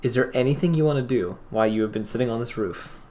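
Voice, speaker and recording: A man's voice: medium pitch, warm tone. Man running a tabletop game. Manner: halting, restarts often, describes scenes. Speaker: game master.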